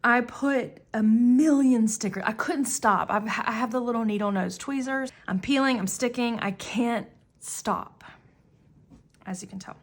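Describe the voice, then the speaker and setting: Fairly high in pitch and a little slow, this woman is a planner vlogger in her thirties. Paging through her planner, she chats casually, rambling and self-deprecating, with lots of restarts and fillers.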